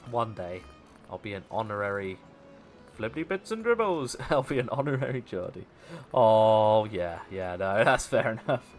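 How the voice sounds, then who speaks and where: A man's voice: lowish voice, normal speed. A man hosting a live game stream, chatting casually with viewers, joking and laughing often. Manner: chatty and playful, laughing often, mock-outraged outbursts. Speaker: livestream host. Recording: faint music behind.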